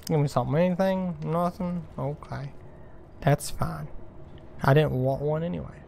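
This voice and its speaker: An exasperated man talks over a horror game in a slightly higher than usual voice, swearing and piling up rhetorical complaints. A clear hiss of noise sits under his voice the whole way through. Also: fairly even intonation, normal speed, warm tone. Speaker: gaming video host. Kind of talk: frustrated let's play commentary.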